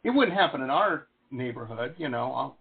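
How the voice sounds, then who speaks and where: Lively husky guy hosting a podcast, goofy storyteller, sounds like a phone line. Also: medium pitch, moderate pace, crowd noise. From Florida. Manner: animated storyteller, laughs often, acts out voices. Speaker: podcast host. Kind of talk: casual chat.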